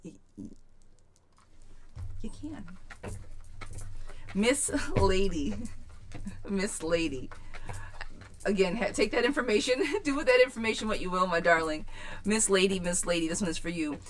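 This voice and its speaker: A woman's voice: medium pitch, fairly quick, long pauses. A woman giving a live tarot reading to viewers, chatty and frank, swearing casually and calling people sweetheart. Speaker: tarot reader.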